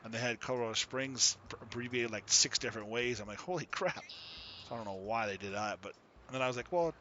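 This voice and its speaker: Bright-voiced easygoing man streaming a game. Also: lowish voice, steady tone, fast, muffled recording, slight background noise. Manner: chatty and easygoing, laughs often, talks to viewers. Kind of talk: casual live-stream chat.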